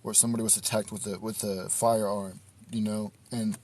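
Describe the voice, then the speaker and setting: A man's voice: fairly low pitch, flat delivery, a little fast, a little mellow. A man hosting a casual livestream outdoors at night in the cold, talking on a phone in a laid-back, reflective way. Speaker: livestream host.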